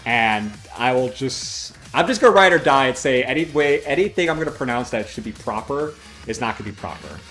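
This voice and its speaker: Man from Chicago, livestream host: lively, rambling, curses freely; faint game music underneath. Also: mid-range voice, a little fast, hardly any pauses. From Chicago, American Midwest. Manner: animated, swears freely, wanders off on tangents. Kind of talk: casual gaming livestream chat.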